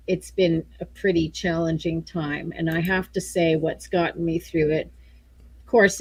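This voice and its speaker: A woman's voice: on the low side, fairly bright tone, dry recording. A woman guest on a video-call show, talking through tears in a rambling way and laughing often. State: crying. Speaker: featured guest singer. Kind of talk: emotional interview chat.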